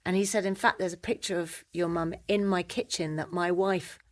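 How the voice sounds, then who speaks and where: A middle-aged British woman, a guest in a conversation, telling a personal story in an animated way and acting out the voices she quotes. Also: on the low side, moderate pace. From Britain.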